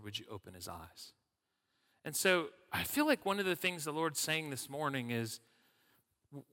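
A man's voice: mid-range voice, pushed and bright, in a large hall. A man preaching a casual sermon as a guest speaker, chatty with many fillers and restarts. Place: church sanctuary.

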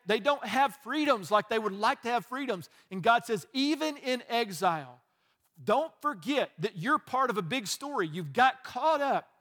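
A middle-aged pastor delivers a sermon in a high voice. He talks in an easy, conversational way, with chuckles and quick asides to his congregation. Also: fairly bright tone.

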